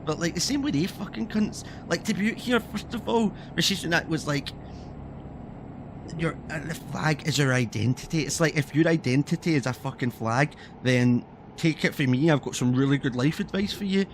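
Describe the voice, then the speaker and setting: A man's voice: a little high, lively intonation, a little fast, noisy background. Sweary Scottish man ranting. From Scotland. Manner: heated, sweary, exasperated. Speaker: streamer. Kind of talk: casual ranting commentary while playing.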